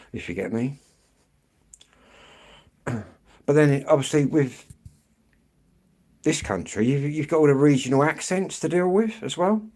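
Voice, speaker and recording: English guy, live-stream walk-and-talk, rambling and chatty, mid-pitched, keeps clearing his throat. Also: a little mellow. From England. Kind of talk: casual live-stream chat answering viewers. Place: outdoors on an evening street walk.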